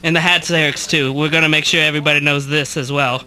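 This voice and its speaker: Very bright, high-voiced giggly man. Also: fairly even intonation, rough recording. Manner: giggly, halting, many fillers. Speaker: cast member doing commentary. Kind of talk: casual commentary chat.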